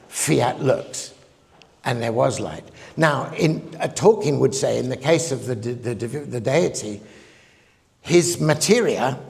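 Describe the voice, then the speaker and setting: A man's voice: medium pitch, vocal fry, a little mellow. A man giving a public lecture in a reflective, digressive way, often chuckling at his own points. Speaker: guest lecturer. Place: conference hall. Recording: long reverb of a lecture hall.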